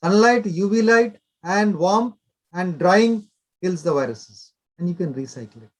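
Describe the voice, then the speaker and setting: An older male doctor gives advice in an interview. His voice sits fairly high, and he talks instructively in short, repeated directives. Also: expressive, a little slow. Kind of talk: explanatory interview talk.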